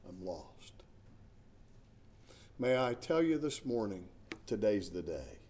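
A man's voice: lowish voice, very animated, normal speed, darkish tone. A middle-aged male pastor preaching a sermon in an earnest, emphatic way, often repeating words as he searches for the next phrase.

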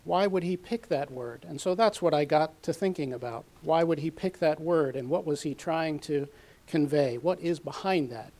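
Methodical male Bible teacher, slightly high voice. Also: darkish tone. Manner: measured, methodical, reads scripture aloud with emphasis. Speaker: preacher.

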